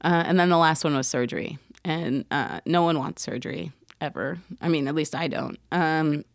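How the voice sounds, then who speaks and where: A woman with a fairly low voice tells a personal story straight to her listeners. She is animated, slipping into other people's voices as she goes. The sound is close and dry. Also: normal speed, no echo. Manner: animated, acts out quoted voices, laughs often. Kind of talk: casual storytelling monologue.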